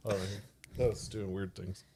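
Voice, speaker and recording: A man's voice: fairly low pitch, very noisy. A man trading loose banter on a podcast with friends. He tells stories in a rambling way and often breaks into laughter. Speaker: podcast co-host.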